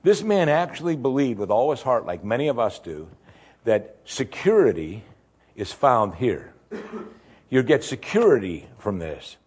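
A male pastor preaching a sermon in an animated way, full of rhetorical questions and acted-out voices. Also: medium pitch, unhurried.

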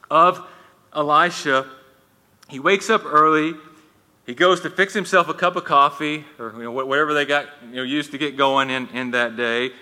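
A man's voice: mid-range voice, pushed and bright. A man preaching a sermon in a conversational way, with frequent restarts and folksy asides. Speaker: pastor. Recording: long reverb in a hall.

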